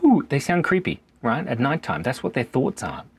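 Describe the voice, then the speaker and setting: Husky man in his thirties. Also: mid-range voice, very animated, normal speed. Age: 30s. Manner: playful, breaks into animal noises and laughs. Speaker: vlogger. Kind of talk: rambling comic monologue. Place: backyard cubby house.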